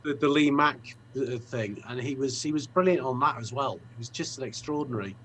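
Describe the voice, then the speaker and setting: A man's voice: medium pitch, a little fast, a bit bright, rough recording. A man hosting a video call chat, friendly, with hesitant restarts. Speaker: host.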